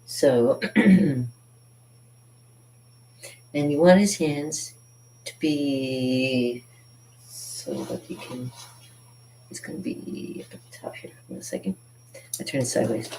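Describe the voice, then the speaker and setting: A woman's voice: rumbling low, takes it slowly, pauses often, mellow, slight background noise. A woman artist hosting a live drawing stream, chatting casually and rambling with frequent laughs as she teaches.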